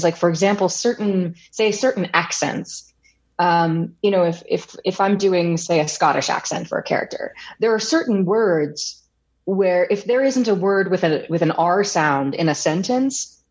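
A woman who narrates audiobooks speaks in a notably low voice, measured and articulate as she reflects on her work. The recording sounds a little dull and muffled. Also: a little mellow. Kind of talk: podcast interview.

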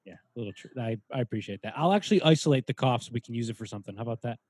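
A man's voice: mid-range voice, animated, racing, darkish tone, slightly rough, no room sound. A man from Rhode Island co-hosting a podcast over a video call, chatting and joking with lots of fillers. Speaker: podcast co-host.

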